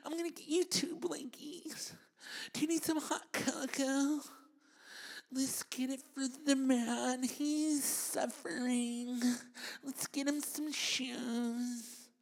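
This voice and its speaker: A fussing, gushing do-gooder, voiced by a man who coos in a breathy half-whisper. The voice sits high above his normal register. Every offer of help sounds overly sweet and precious. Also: steady tone, slow, exaggerated voice. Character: gushing, fussy holiday do-gooder.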